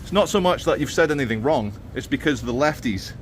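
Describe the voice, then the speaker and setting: A man's voice: medium pitch, animated, a little fast, slight background noise. A man vlogging as he walks outdoors through a city, talking in a sardonic, ranting way. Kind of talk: walking vlog commentary.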